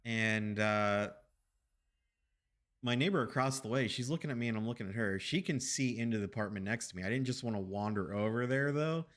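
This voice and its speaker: A man with a slightly low voice tells a story at home during a stream. He rambles, circles back, and swears casually. His delivery is animated and chatty. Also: brisk. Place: home apartment.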